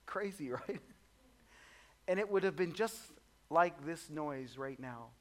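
A man preaching a sermon in a conversational, humorous way, swinging between soft low asides and loud high exclamations. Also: lively intonation, slow. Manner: conversational and humorous, acts out voices of the disciples. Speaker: pastor.

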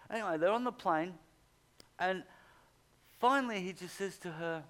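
A man delivering a sermon as a story. He tells it in an animated, conversational way and slips into the voices of the people in his tale. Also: high voice, moderate pace. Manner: animated anecdote, acts out quoted people. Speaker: preacher.

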